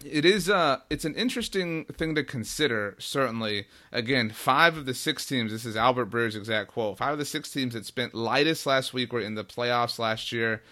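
A man hosting a sports talk show, with a bright and forceful voice at a middle pitch. He talks with a playful, teasing edge and drops dry jokes between stats. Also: normal speed, few pauses.

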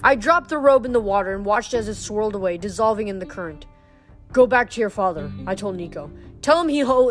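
Woman reading a novel aloud, stumbling often. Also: medium pitch. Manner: often stumbles and restarts words. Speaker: reader.

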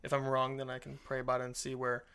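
A man with a medium-pitched, clear and resonant voice talks at a brisk clip. Co-hosting an easygoing Christian podcast, he rambles, stays animated, and acts out brief quoted voices.

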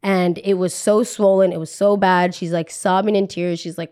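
A woman's voice: lowish voice, fairly even intonation, moderate pace, a little mellow. A young adult woman hosting a podcast, telling a personal story in a casual, chatty way, repeating phrases for emphasis and saying "like" often.

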